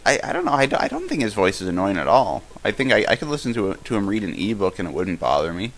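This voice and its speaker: A man's voice: fairly low pitch, wildly swooping pitch, a bit bright. A young man co-hosting a live-stream podcast, rambling through his thoughts with lots of halts and restarts. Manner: rambling, halting, many restarts. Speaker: podcast co-host. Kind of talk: casual live-stream Q&A chat.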